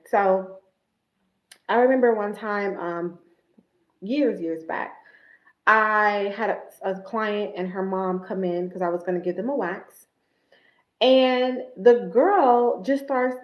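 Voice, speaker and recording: A woman's voice: medium pitch, a little slow, highs cut off. Blunt woman livestreaming in echoey room. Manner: blunt, animated storyteller. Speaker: esthetician and livestream host. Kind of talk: casual livestream chat.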